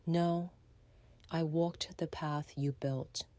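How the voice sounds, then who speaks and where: A man voicing a coolly menacing breathy woman. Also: a little high, fairly even intonation, no echo, pitched above the performer's own voice. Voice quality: soft, breathy half-whisper. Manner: slow, quiet, taunting. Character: calm, menacing, manipulative woman. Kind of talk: audiobook character voice.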